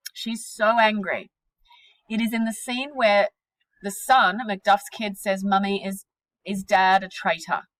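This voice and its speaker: Woman teacher, unhurried delivery, dry close sound, quizzes the class, casual and lively. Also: medium pitch, no echo, low-quality recording. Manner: energetic, questioning, casual slang. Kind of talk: classroom literature lesson.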